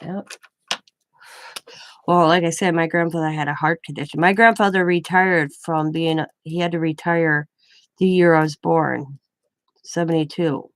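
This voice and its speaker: A woman's voice: low voice, steady tone, normal speed, long pauses, no room sound. A woman in her forties, a craft channel host, telling a rambling family story in casual chat. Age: 40s.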